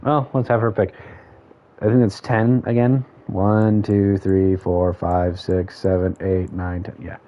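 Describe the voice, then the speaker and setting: With a low, warm voice and flat delivery, a man speaks a little slowly while streaming a game. His casual commentary involves thinking out loud and quietly counting off options, recorded as dull lo-fi stream audio.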